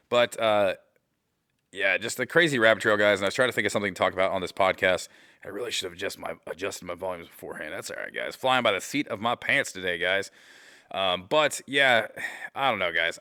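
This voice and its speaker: A man's voice: deep voice, brisk, bright, forceful tone, clear, resonant tone, no room sound, studio quality. A man from the Midwestern US hosting a casual podcast from his garage, rambling and joking at his own expense and calling his listeners "guys" over and over. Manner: joking, self-deprecating, repeats "guys" often. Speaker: podcast host. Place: home garage. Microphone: camera mic.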